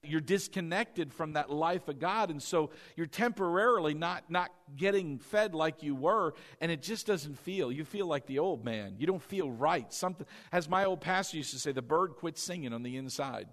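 A man preaching a sermon with a fairly high voice. He swings from fervent, shouted exhortation down to soft, confiding asides, with quick laughs in between. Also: animated. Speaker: pastor.

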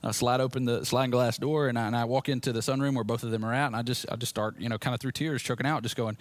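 A man preaching a personal testimony sermon to a room, speaking candidly and swinging between hushed storytelling and loud, emphatic points. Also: mid-range voice, fairly even intonation, fast, hardly any pauses, dry recording. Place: room with a live audience.

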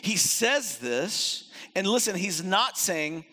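A man preaching a sermon in an animated way, acting out the voices he quotes and swinging between loud and soft. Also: sits high, takes it slowly. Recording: long hall reverb.

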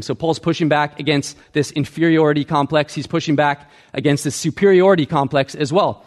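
A man preaching a sermon as pastor, teaching earnestly and checking in with the congregation. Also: fairly high pitch.

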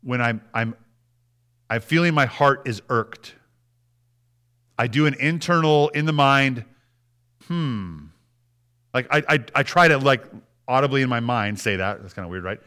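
A man's voice: mid-range voice, normal speed, long pauses, pushed and bright. A man preaching a sermon in a conversational way, often restarting words and acting out prayers. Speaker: pastor.

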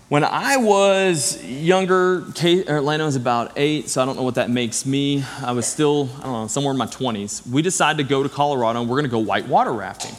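A young man preaching a sermon, telling a story in an animated, earnest way, with prayer and scripture. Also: mid-range voice. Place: church sanctuary. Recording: long hall reverb.

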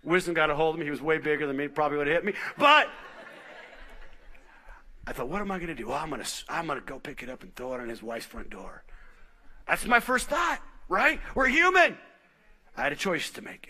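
A middle-aged male pastor preaching a sermon in a very bright, ringing voice that sits a little high. He tells stories with laughs and swings between lively, raised passages and quiet, hushed asides. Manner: animated storytelling with laughs and sudden quiet asides.

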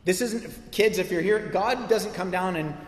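Pastor, male, lively conversational sermon delivery, slightly high voice, echoey church hall. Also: unhurried. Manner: animated, conversational preaching with asides to listeners. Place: church sanctuary.

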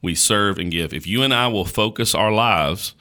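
A man's voice: lowish voice, moderate pace, sharp tone. A male podcast host preaching on a Bible passage in an emphatic, repetitive, colloquial way.

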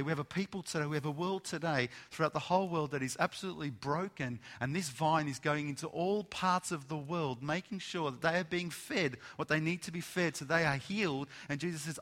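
A man preaching a sermon, moving between quiet reflective passages and loud, emphatic declarations, repeating phrases for emphasis. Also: on the high side.

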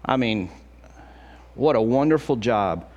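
Animated preaching male pastor. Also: mid-range voice, slow pace, muffled recording. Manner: animated, conversational preaching with acted-out quotes. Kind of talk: sermon.

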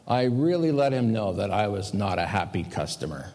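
A pastor telling a personal story in a sermon, animated and self-mocking as he confesses his own failings. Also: fairly low pitch, moderate pace. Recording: long hall reverb.

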